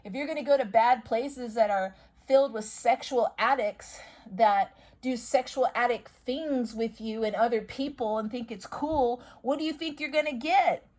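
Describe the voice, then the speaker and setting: A woman's voice: a little high, normal speed, darkish tone, rough recording. A woman talking casually about healing stones and affirmations, rambling and repeating herself for emphasis. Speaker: spiritual video host.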